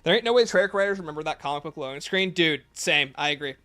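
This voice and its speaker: Male streamer, slightly high bright voice, casual joking banter over faint music. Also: lively intonation, fast talker, no room sound. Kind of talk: live gameplay commentary, reading chat. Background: faint game music playlist.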